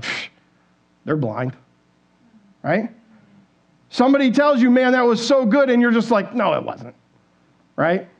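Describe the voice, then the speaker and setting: A man preaching a sermon in a conversational way, asking the congregation questions and acting out the voices in people's heads. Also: extremely high pitch. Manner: conversational, asks the congregation questions, acts out quoted inner voices. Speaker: pastor. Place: church stage.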